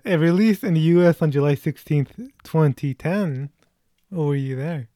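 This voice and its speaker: A man's voice: fairly high pitch, normal speed, mellow, no room sound, studio quality. A man in his twenties hosting a casual movie chat, chatty, with lots of fillers and laughter. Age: 20s. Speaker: movie reaction host.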